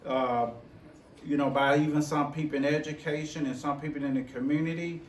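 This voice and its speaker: Brief: man in his 60s, Memphis Southern accent, relaxed slow presenter, recorded distant in a roomy hall with faint hum. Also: on the high side. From Memphis, Tennessee. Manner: slow, easygoing, with restarts. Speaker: conference presenter. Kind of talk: conversational forum talk. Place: conference hall.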